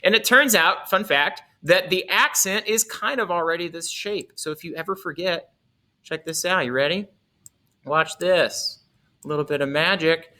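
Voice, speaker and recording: A man's voice: sits high, normal speed, sharp tone. A man teaching a music lesson, explaining in an upbeat, playful way with little asides.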